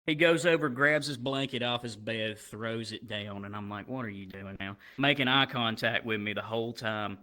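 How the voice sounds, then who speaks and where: Crude, animated man telling a story. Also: medium pitch, moderate pace, hardly any pauses. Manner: crude, animated storytelling, jumps to loud shouts. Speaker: stand-up comedian. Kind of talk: stand-up storytelling.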